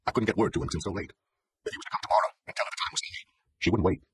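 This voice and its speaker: A man's voice: deep voice, very fast, husky, no room sound, voice pushed up. A man putting on a self-pitying old farmer father. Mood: plaintive.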